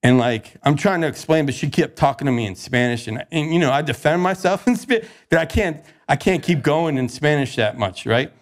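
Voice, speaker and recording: A man's voice: a little high, fairly quick, few pauses. A young man on a podcast, telling his recovery story in a casual, slangy way and acting out the quoted lines. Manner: animated, slangy, acts out quoted dialogue.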